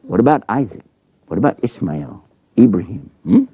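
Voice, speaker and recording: A man with a deep, gravelly voice telling a children's story in a playful, folksy way. His pitch swings widely as he acts things out, and the sound is dry and close. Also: very animated, moderate pace, no echo, phone-quality sound.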